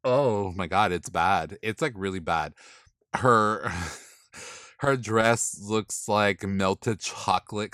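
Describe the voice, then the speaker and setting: A sassy man talking through drag runway looks in a casual commentary vlog, his voice sitting on the low side. He is blunt and swears freely, with drawn-out put-downs. The sound is dry and close, with no room around it. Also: a bit bright, smooth, no echo. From not from the East Coast.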